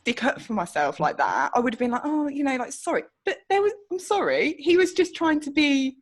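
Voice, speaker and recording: Animated outspoken woman. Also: sits high, brisk. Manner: animated, blunt and outspoken, swears freely. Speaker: podcast co-host. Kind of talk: casual chat.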